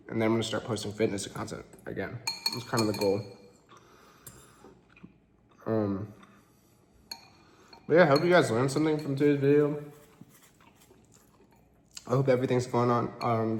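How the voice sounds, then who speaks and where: A man's voice: mid-range voice, slight background noise. A young man in his twenties telling a story in a casual vlog, laid-back and rambling, with lots of fillers. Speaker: vlogger. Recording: roomy echo.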